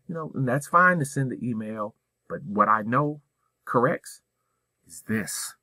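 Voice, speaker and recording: A man's voice: lowish voice, expressive, normal speed, pushed and bright, no echo. A man speaking as a school administrator, giving a direct, emphatic professional development talk full of rhetorical questions.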